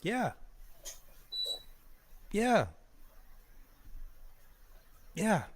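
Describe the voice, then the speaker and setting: A man's voice: sits high, big pitch swings, very slow. A man hosting a streamed talk show, speaking casually and profanely, getting heated, laughing often and stumbling over repeated words. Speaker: podcast host.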